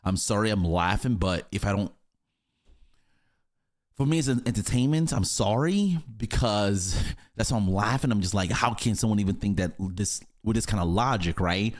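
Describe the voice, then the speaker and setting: A man hosting a reaction video, talking casually in an animated, rambling way with chuckling asides. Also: lowish voice, normal speed.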